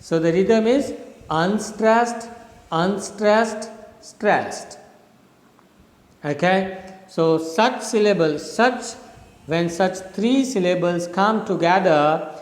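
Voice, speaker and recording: A middle-aged man from India giving a recorded lecture on English literature, slow and deliberate, spelling out and repeating words. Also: high-pitched, expressive. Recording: echoey room with long reverb.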